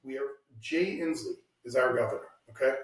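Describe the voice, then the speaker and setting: A podcast host with a medium-pitched voice talks briskly and bluntly about politics, swearing freely on his casual show. He records in a home room in Washington state, where he lives, and sits somewhat off-mic with a roomy echo.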